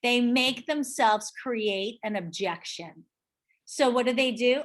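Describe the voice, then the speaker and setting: A middle-aged woman teaching a live real estate sales class, animated and often checking in with her listeners. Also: on the high side, normal speed. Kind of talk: live training talk to a class.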